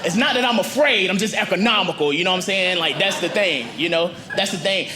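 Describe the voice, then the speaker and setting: A man's voice: high voice, brisk, hardly any pauses. A man doing a stand-up set on a comedy club stage, chatty and slangy, talking into a handheld mic. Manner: animated, conversational, slangy. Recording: live club with audience noise.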